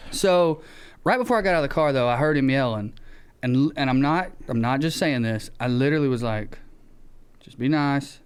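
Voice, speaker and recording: Southern man telling a story, smooth voice. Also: mid-range voice, brisk. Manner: animated storyteller who acts out shouted quotes and swears freely. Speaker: podcast co-host. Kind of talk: casual storytelling chat.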